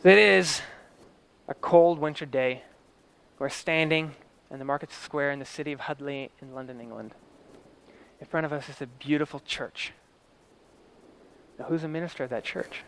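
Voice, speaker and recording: A man's voice: fairly high pitch, moderate pace, vocal fry, fairly bright tone, a little hiss or hum. A man telling a story in a vivid present-tense style, swelling and dropping his voice for drama.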